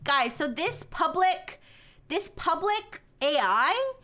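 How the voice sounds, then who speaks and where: High-voiced rambling woman streamer. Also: very animated, slow pace, pushed and bright. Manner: rambling, heavy filler words, frequent laughter. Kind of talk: casual live-stream chat.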